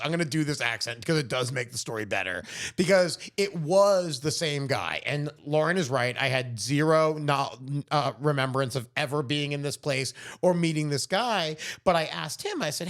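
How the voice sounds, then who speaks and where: A man in his thirties co-hosting a podcast, telling a story in casual chat, animated and swearing freely. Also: on the high side, normal speed. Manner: animated, swearing, acts out quoted voices. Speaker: podcast co-host.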